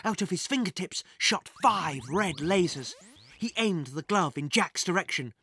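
A narrator reading a children's adventure story with lively, dramatic pacing. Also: medium pitch, a little slow, breathy edge.

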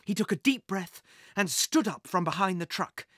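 A narrator reading a children's adventure story with lively, dramatic pacing. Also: mid-range voice, moderate pace, no room sound, studio quality.

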